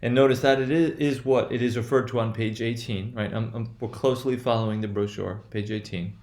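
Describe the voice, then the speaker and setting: A man's voice: mid-range voice, fairly even intonation, brisk, darkish tone, roomy sound. A man teaching English word stress in a recorded lecture, checking in with "right?" after nearly every point, with lots of fillers and restarts. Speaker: pronunciation teacher.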